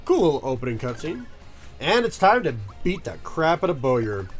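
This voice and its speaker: A man's voice: on the high side, big pitch swings, normal speed, soft background music. A man chatting casually while playing a video game, rambling with plenty of likes and uhs. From United States. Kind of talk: let's-play commentary.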